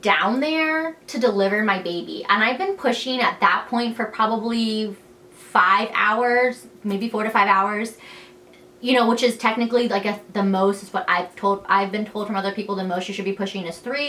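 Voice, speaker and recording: A woman's voice: medium pitch, pushed and bright. A young woman telling her birth story in a candid vlog, talking frankly and freely with lots of "like" and "you know", acting out what others said. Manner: chatty and frank, heavy use of "like" and "you know", quoting others in turn.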